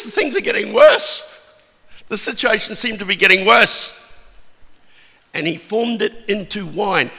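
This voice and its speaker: A man preaching a sermon, telling a Bible story with animated, emphatic peaks. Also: sits high, creaky. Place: church hall. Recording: long hall reverb.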